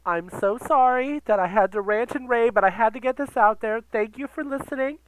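A man's voice: very high voice, brisk, smooth, dry recording, voice pushed up, low-quality recording. A man doing a campy, dramatic drag queen persona who hosts a podcast and rants theatrically into a computer sound recorder. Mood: sign-off. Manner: theatrical, gasping, swearing, camp. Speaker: podcast host. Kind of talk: ranting podcast monologue.

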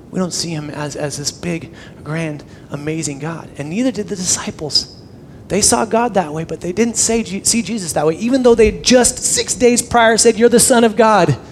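A young man preaching a sermon, animated, swinging from loud emphasis to hushed near-whispers. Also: high-pitched, slight background noise. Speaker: pastor.

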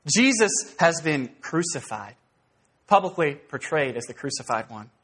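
A man preaching an expository sermon in a conversational, animated way, rising into emphatic bursts. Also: mid-range voice, moderate pace, husky. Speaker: pastor.

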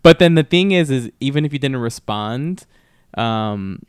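A man's voice: mid-range voice, expressive, a little slow, clean tone, no echo, clean studio sound. A man co-hosting a podcast, a chatty storyteller who laughs often. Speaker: podcast co-host. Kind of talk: casual chat.

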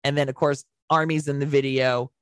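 A woman's voice: a bass voice, flat delivery, fairly quick, no echo. A young woman co-hosting a podcast, casually recapping a film in a rambling, swearing, laughing way. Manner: rambling storyteller, swears a lot, laughs often. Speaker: podcast co-host. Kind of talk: casual movie recap chat.

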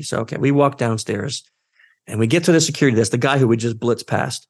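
A man telling a story as a guest in a career interview, acting out the dialogue and jumping up in pitch when he quotes people. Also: fairly quick. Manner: animated, acts out quoted dialogue with his voice jumping up. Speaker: guest, social engineer.

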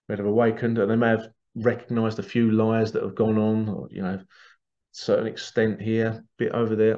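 His voice sits lowish and dark, barely moving in pitch, at a moderate pace on a lo-fi recording. The man runs a spiritual podcast, and in this casual monologue he rambles, gives his opinions freely, and acts out quotations in small voices.

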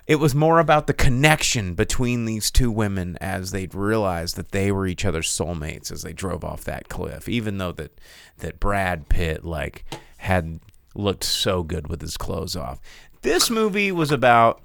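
A man hosting a casual podcast, reviewing a film in a rambling, animated way with crude jokes and many restarts. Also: sits low, a little slow, creaky. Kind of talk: casual chat. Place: studio.

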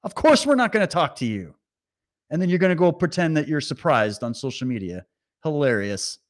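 Animated, ranting man. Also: a little high, fairly quick. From Canada. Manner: sarcastic, profane, heated. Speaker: online commentator. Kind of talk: ranting commentary over clips.

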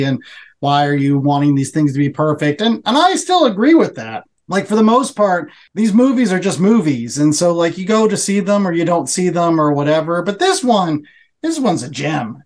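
A man co-hosting a podcast, talking casually and enthusiastically, rambling with lots of fillers. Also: fairly high pitch. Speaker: podcast co-host. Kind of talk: casual review chat.

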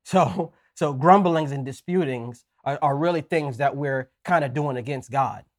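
A man preaching a sermon in a conversational way, often checking in with "right?" and reading scripture slowly with emphasis. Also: medium pitch. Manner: folksy asides.

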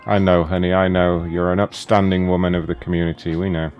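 Low-voiced profane prank show host. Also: male voice, flat delivery, fairly quick, muffled recording, soft background music. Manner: joking, profane, laughs often. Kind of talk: prank call show banter. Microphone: computer mic over an online call.

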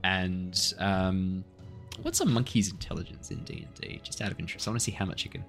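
A man's voice: deep voice, fairly quick, fairly bright tone, soft background music. A man running a tabletop game as game master, hesitant and full of fillers.

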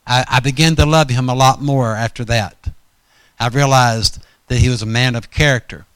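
A man's voice: mid-range voice, fairly even intonation, normal speed, pauses often, a bit bright, clean tone, no echo. A man preaching a storytelling sermon in a folksy, rambling way, often correcting himself mid-sentence.

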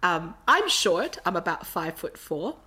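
A woman's voice: lowish voice, very animated, measured pace, bright, forceful tone. A woman from Australia, telling a long rambling story in casual chat with lots of fillers.

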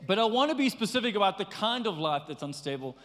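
A man preaching a sermon in a lively, conversational way, slipping into playful acted asides. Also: high-pitched, quick pace, in a large hall. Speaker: pastor.

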